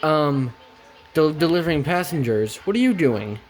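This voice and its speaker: A woman's voice: low voice, lively intonation, moderate pace, darkish tone. A woman voicing a hot-tempered young male tank engine who stammers and exclaims, for a homemade storybook tale. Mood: angry.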